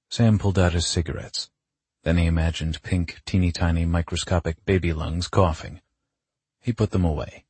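A man narrating an audiobook in a wry, measured reading. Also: deep voice, darkish tone, breathy edge, no room sound. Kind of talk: scripted narration.

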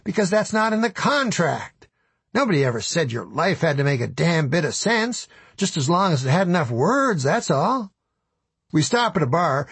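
A man narrating his own memoir as an audiobook in a deadpan, rambling comic way, recorded close in a studio. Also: on the high side, slightly rough, no echo. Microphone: studio microphone, close.

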